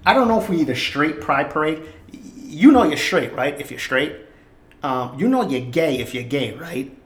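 A man's voice: a little high, lively intonation, normal speed, fairly bright tone, roomy sound. Heated, swearing man with a Boston accent. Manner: heated, profane, emphatic. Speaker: podcast host. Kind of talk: solo podcast rant.

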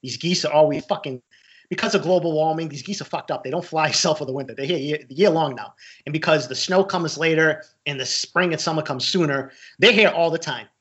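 A man's voice: a little high, fairly quick, a bit bright, husky. A man co-hosting a podcast in casual chat, joking, swearing and rambling. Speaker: podcast co-host. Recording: dull lo-fi sound.

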